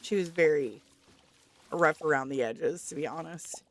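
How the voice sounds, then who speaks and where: A woman's voice: low-pitched, measured pace. A woman streaming a farming game, chatting casually with viewers, reading their messages aloud and laughing often.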